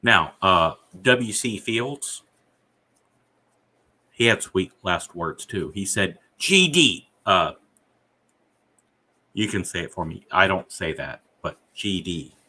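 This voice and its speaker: A man's voice: low-pitched, takes it slowly, long pauses, sharp tone, husky. A man hosting a casual podcast, rambling and swearing freely as he trades trivia with his co-host. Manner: rambling, profane, reads out chat messages.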